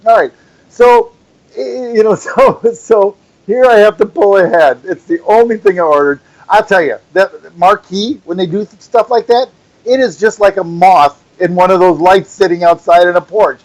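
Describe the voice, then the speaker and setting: Rambling high-voiced Wisconsin man. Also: normal speed, rough recording. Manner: rambling, animated, acts out voices in his story. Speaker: podcast co-host. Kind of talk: casual ranting chat.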